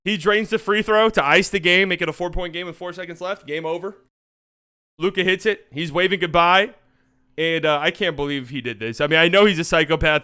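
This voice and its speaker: A man hosting a sports channel, talking through game footage in a casual, excitable way, swearing and joking freely. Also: on the high side, clear, resonant tone. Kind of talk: casual game-film breakdown commentary.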